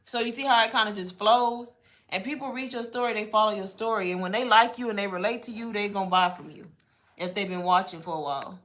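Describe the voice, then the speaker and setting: A woman's voice: mid-range voice, fast, fairly bright tone. Chatty woman coaching. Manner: chatty, instructive, often says y'all. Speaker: online marketing coach. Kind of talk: casual live Q&A teaching.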